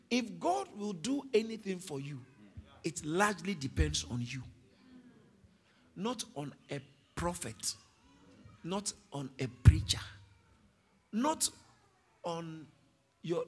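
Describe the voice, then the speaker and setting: A man preaching a sermon to a congregation, swinging from soft explanation to loud calls for the crowd to read aloud. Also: on the high side, expressive, slow, pauses often, husky. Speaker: pastor. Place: church hall with congregation.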